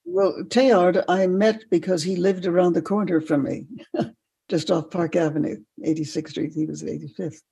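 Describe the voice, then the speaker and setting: An older woman, a podcast guest, telling animated stories and laughing often. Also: fairly low pitch, normal speed, vocal fry. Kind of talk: storytelling in a podcast interview.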